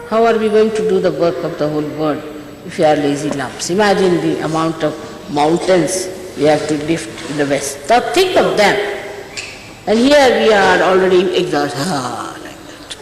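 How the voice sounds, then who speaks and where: Older lady teacher telling off her followers, repeats herself, echoey hall, long reverb. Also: on the low side. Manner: scolding, emphatic, repeats herself. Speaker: spiritual teacher addressing followers. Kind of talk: informal exhortation before a ceremony. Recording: echoey hall, faint hiss, old tape.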